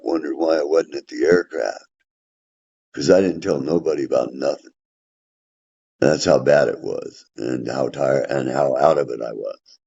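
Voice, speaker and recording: An older man, a veteran, telling his story in a plainspoken, rambling way with dark humor, in a dull lo-fi recording. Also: extremely low pitch, gravelly, husky. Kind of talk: casual storytelling.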